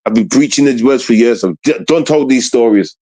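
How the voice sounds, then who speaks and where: A man's voice: medium pitch, a little fast, warm tone. A man, ranting on his livestream in street slang and repeating himself. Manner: repetitive, confrontational street slang. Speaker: streamer.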